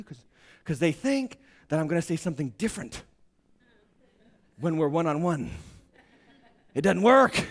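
A middle-aged male pastor preaching a sermon, emphatic, swinging from quiet asides to shouted points. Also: fairly high pitch, very animated, measured pace, long pauses.

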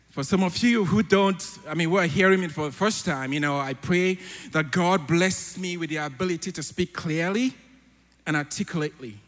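A man's voice: high-pitched, expressive, normal speed, in a large hall. A man with a mixed African and British accent, a church elder preaching a sermon and praying aloud with fervor. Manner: fervent, rising to loud declarations in prayer. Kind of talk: sermon with spoken prayer. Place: church hall.

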